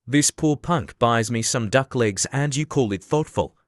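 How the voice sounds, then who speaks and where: A man's voice: mid-range voice, unhurried, no echo, studio quality, lightly acted. Man doing an arrogant rich young bully. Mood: boastful. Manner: boastful, insulting.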